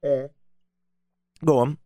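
A man's voice: medium pitch, steady tone, takes it slowly, mellow, no room sound, studio quality. An English man hosting a call-in radio show, chatting in a wry, joking way and reading texts aloud. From England. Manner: wry, joking, self-mocking.

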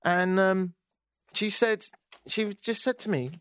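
A man hosting a talk radio show, telling a story with sarcastic, animated asides. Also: high-pitched, slow pace, clean tone, dry recording. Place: radio studio.

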